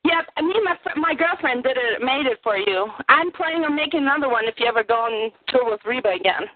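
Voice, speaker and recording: Woman, German accent, high-pitched, excited and giggly, tinny phone line, dry. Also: quick pace, no room sound. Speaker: caller. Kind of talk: phone call-in chat.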